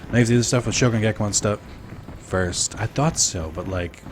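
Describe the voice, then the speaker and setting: A man's voice: on the low side, brisk, background noise. A young man casually streaming a game, rambling to chat with lots of fillers. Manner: rambling, filler-heavy, relaxed. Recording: game music behind.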